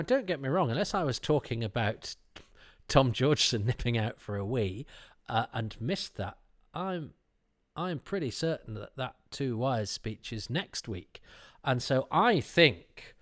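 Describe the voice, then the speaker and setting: A podcast host with a medium-pitched, very animated voice talks at a normal speed. It's a casual chat, and he rambles, pokes fun at himself, and keeps restarting his sentences.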